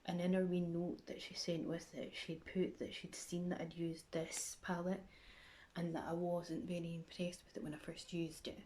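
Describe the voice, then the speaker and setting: A Scottish woman in her thirties talks through her makeup routine in a rambling, chatty way. Her voice sits a little low, and she often drifts down to a near whisper. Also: level tone, normal speed, mellow, a little hiss or hum. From Scotland. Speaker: makeup vlogger.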